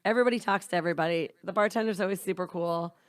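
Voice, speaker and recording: A woman's voice: fairly low pitch, rapid-fire, no echo. A young woman from Canada, co-hosting a podcast and telling a long rambling story in casual chat, swearing now and then. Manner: rambling, animated anecdotes with frequent swearing. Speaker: podcast co-host.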